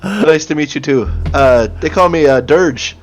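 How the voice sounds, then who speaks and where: A man's voice: a little high, a little slow, a little hiss or hum, voice pushed up, close to an everyday voice. A man voicing a folksy, friendly half-elf rogue with a put-on Minnesotan accent who calls everyone bud.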